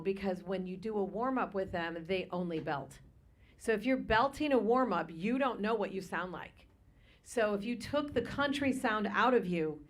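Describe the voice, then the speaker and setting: A woman voice teacher judging a singer, explaining technique in an instructive, practical way. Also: medium pitch. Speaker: vocal teacher and judge. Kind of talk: spoken critique.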